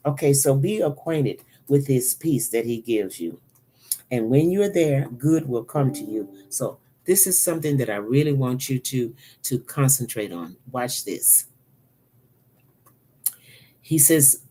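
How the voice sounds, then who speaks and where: A woman's voice: extremely low pitch, lively intonation, normal speed, warm tone, a little hiss or hum. A woman prophet giving an earnest sermon, repeating phrases for emphasis and now and then dropping to a whisper. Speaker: prophet and preacher. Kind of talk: spoken sermon teaching.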